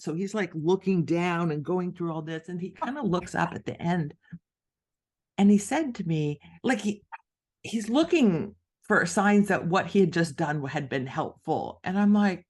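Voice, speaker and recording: A middle-aged woman, an author and podcast guest, telling a story in conversation and acting out the voices of the people in it. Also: medium pitch. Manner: animated, acts out quoted voices.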